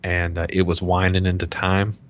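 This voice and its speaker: A man co-hosting a casual podcast, telling a story full of profanity and loudly acting out the heated bits. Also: low voice, monotone, normal speed, a little hiss or hum. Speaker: podcast co-host. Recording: dull lo-fi sound.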